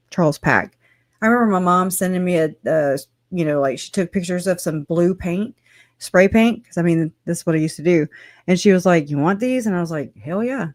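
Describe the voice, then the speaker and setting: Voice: medium pitch, no room sound, clean studio sound. A livestream host in casual commentary who rambles, swears now and then and laughs often, talking at a computer at home.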